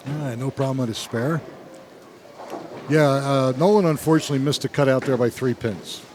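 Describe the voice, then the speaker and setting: A man's voice: mid-range voice, normal speed, darkish tone. Male bowling commentator, chatty and jokey, noisy alley broadcast. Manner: chatty, jokey, laughs often. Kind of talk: casual play-by-play commentary. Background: bowling alley noise.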